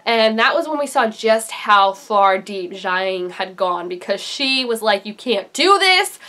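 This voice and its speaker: A young adult woman giving an excited, gushing recap of a TV episode, her voice leaping up for emphasis. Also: a little slow. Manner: animated and gushing, jumps high for emphasis. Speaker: TV reaction vlogger.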